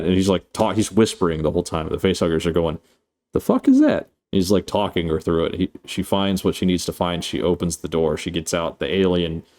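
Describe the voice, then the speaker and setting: Deep-voiced man rambling through a movie recap. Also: a little mellow. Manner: rambling, profane, laughs often. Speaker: host.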